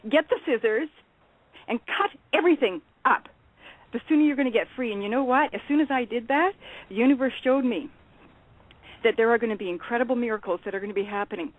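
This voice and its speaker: A woman's voice: fairly high pitch, quick pace. A woman guest on a call-in talk show, speaking bluntly and urgently and swearing freely. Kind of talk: impassioned call-in rant. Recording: tinny phone line, dry.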